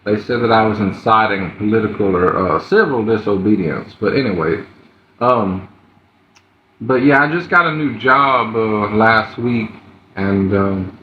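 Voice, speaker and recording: A man chatting casually on a live stream, greeting viewers one by one and pausing often with fillers. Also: lowish voice. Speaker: livestreamer. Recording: roomy, dull, slightly noisy phone audio.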